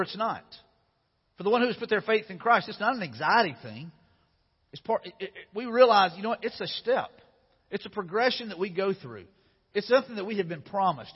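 A man's voice: sits high, breathy edge. A male pastor preaching a sermon in a conversational way, often repeating phrases, recorded in a church hall. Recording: dull sound with long hall reverb.

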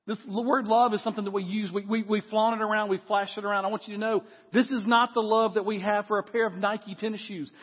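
High-voiced husky preacher. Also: male voice, fast, hardly any pauses. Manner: animated preaching, drops to low voice for effect. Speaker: pastor. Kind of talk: sermon. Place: church sanctuary. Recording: long hall reverb, dull lo-fi sound.

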